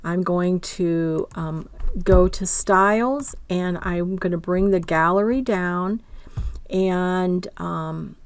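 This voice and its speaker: A woman instructor narrating a software tutorial, talking through each click and often checking in with "right?". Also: lowish voice, expressive, slow pace.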